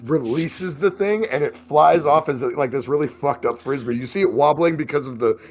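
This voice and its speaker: A man's voice: on the high side, normal speed. A man running a tabletop role-playing game, narrating the scene and often laughing as he talks. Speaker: game master.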